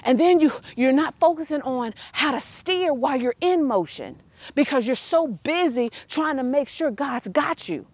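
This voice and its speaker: A woman telling a personal story that turns into a faith lesson, animated and quick to laugh. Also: high-pitched, dry recording, lo-fi sound.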